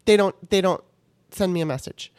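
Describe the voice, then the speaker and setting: A woman's voice: fairly low pitch, normal speed, darkish tone, no echo, studio quality. A woman hosting a casual podcast, ranting with exasperation and swearing as she retells a customer service saga. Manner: exasperated, profane, storytelling with quoted dialogue. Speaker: podcast host.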